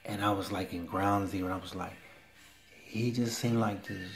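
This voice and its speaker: A man telling a story to the camera in a casual, excitable way, repeating his exclamations. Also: low-pitched, moderate pace, faint music behind.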